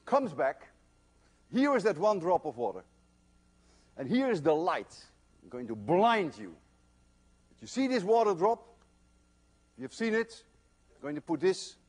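Animated older man lecturing physics. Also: fairly high pitch. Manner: animated storytelling, emphatic. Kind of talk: university lecture. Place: lecture hall.

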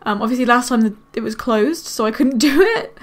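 A woman giving casual let's-play commentary, chatting to her game characters with quick excited exclamations. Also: a little high. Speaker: gaming video creator.

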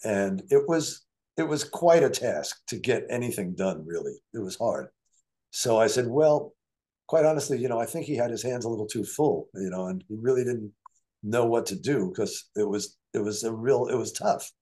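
Older guy, low voice, rambly animated storyteller, does everyone's voices. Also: moderate pace. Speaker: guest musician and producer. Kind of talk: casual storytelling interview.

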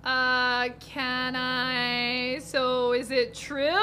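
A woman's voice: sits high, level tone, very slow, sharp tone, a little hiss or hum. A young woman streaming a horror game live, giggling and reading the game's dialogue aloud in a playful way. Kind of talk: live gameplay commentary.

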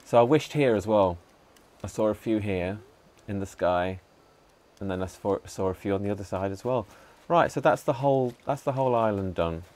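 A man giving casual commentary while playing a video game, chatting to himself and to the characters with excitable bursts. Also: on the low side, normal speed. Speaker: gaming channel host. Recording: faint background music.

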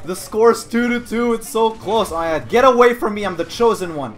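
A man giving jokey, excitable gameplay commentary who often bursts into shouts. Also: sits high, a little fast, few pauses, slight background noise. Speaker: gaming YouTuber.

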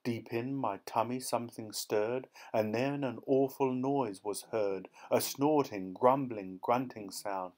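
A man narrating rhyming children's poems in a rhythmic, expressive audiobook reading. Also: medium pitch, a little slow, few pauses.

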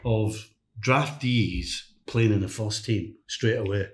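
A middle-aged man, a former footballer and coach, tells lively anecdotes as a guest on a casual chat podcast. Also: on the low side, slow. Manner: anecdotal, lively, mimics others in quotes. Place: hotel room podcast set. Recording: roomy echo.

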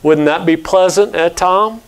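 Brief: a man doing a scornful, menacing slave master, slow and deliberate, smooth clear voice, read from the pulpit. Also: high voice. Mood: taunting. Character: cruel, raging male slave owner, middle-aged.

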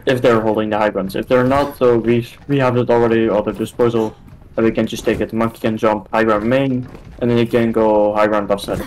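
A young man talking casually over a headset in team voice chat, laying out a plan in halting bursts full of fillers. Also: lowish voice, flat delivery, a little mellow, poor audio. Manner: halting, filler-heavy strategy calling. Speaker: team shot-caller in a practice match.

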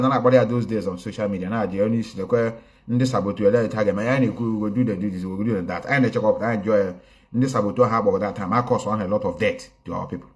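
A man commenting casually on a livestream, mixing languages and greeting viewers one by one. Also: lowish voice. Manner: code-switching, greets viewers by name. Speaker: online activist commentator. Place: indoors, recorded in a home in a city.

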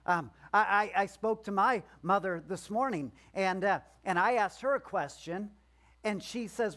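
A man's voice: high voice, a little slow, fairly bright tone. A male pastor giving a conversational sermon in a church, joking and acting out the voices of the people in the story.

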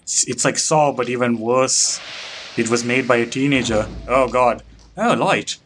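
A young let's play commentator with a mid-range, unhurried, fairly bright voice talks through a horror game as he plays. He jokes, mocks himself, and gets grossed out easily, with a little hiss or hum on the recording.

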